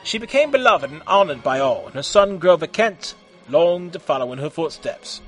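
Male narrator, deadpan comic storytelling, slightly higher voice, faint music bed. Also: moderate pace.

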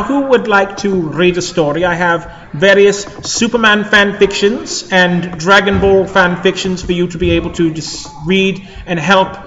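A man's voice: high-pitched, pushed and bright, slight background noise. A man hosting a live fan-fiction reading for an audience, speaking in a formal, mock-pompous way. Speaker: panel host. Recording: long hall reverb, dull sound.

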